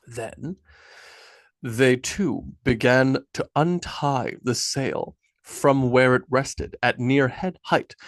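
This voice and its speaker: A man narrating an audiobook in a steady, even reading. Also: mid-range voice, dry recording. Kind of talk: scripted narration. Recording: dry close audiobook read.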